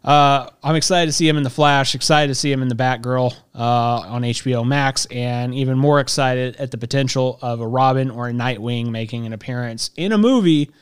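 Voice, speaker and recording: Smooth-voiced man with a country accent. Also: medium pitch, brisk, hardly any pauses. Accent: American country. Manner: chatty and excitable, laughs easily. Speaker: podcast co-host. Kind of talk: casual podcast chat.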